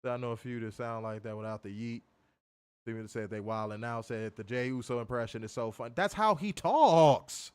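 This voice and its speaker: A man co-hosting a casual wrestling review podcast, animated, swearing freely and laughing often. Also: medium pitch. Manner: animated, profane, laughs a lot. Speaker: podcast co-host.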